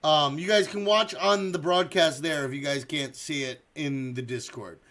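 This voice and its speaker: With a loud crowd and noise in the background, a man hosting a live stream playfully calls out players as they drop out of a game. His voice is a little high at normal speed, and he laughs often.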